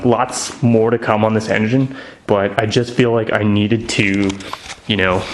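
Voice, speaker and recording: Chatty young man in his garage. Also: lowish voice. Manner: chatty, enthusiastic, lots of "like" and "um". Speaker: car project vlogger. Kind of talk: casual garage vlog. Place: home garage.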